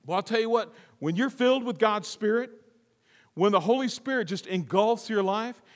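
A high-pitched male pastor delivering a sermon with scripture reading. He swings from hushed, quiet asides to loud, emphatic repeated phrases. His voice rings with the long reverb of a large church sanctuary. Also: moderate pace.

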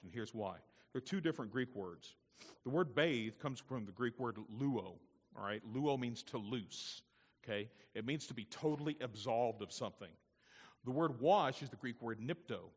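A man preaching a sermon to his congregation, moving from hushed, intimate asides to loud, impassioned passages and turning to the listeners with quick questions. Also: fairly low pitch. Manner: addresses the congregation directly with tag questions. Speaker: pastor. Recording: long reverb of a large hall.

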